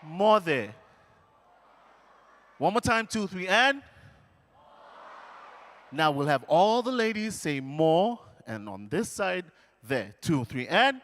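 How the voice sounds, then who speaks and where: Energetic man coaxing a crowd. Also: sits high, slow, pauses often. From Fiji. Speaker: stage presenter teaching an audience. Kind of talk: call-and-response lesson to a live audience. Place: large indoor hall, live event. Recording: echoey large hall.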